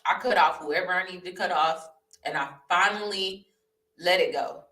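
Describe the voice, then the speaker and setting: Fervent young woman, bright and echoey. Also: fairly low pitch, normal speed, far from the mic. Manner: fervent, addresses viewers as y'all, repeats phrases. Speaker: vlogger sharing her testimony. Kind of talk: emotional personal testimony to camera. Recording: echoey room, voice off-mic.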